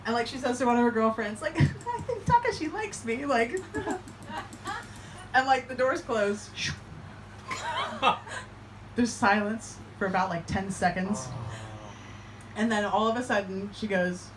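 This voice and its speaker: A woman's voice: on the high side, a little slow, long pauses, background noise. A young woman telling a funny story live at a bar, laughing often and filling her talk with "like" and "um". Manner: laughing, animated, filler-heavy.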